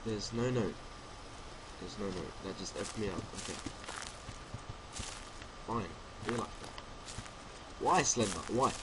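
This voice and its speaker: A man's voice: on the low side, takes it slowly, pauses often. A young man playing a horror game, rambling and joking to himself and taunting the monster as he plays. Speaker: gamer. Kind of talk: let's-play commentary. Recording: home recording with loud background noise.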